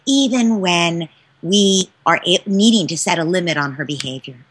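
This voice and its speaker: A woman parenting expert answering interview questions in an emphatic, expressive coaching tone. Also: lowish voice, normal speed, breathy edge.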